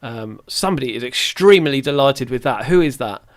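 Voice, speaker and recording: A man's voice: medium pitch, animated, brisk. A man giving casual, rambling let's-play commentary, reacting aloud and poking fun at himself. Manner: chatty and rambling, self-mocking, reacts aloud to the match. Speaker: gaming YouTuber.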